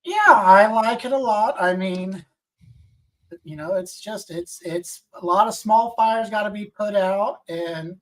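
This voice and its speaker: A man's voice: high voice, measured pace, a bit bright. Guy rambling on a roundtable, sounds a bit far off the mic. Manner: rambling, many fillers and restarts. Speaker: co-host. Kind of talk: casual roundtable chat.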